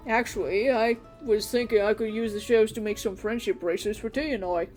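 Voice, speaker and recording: A woman voicing a quiet, hurt young tavern guest who speaks softly. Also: mid-range voice, fairly even intonation, fairly quick, soft background music, lightly acted. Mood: subdued. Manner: soft and subdued. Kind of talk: fan voice acting of a game.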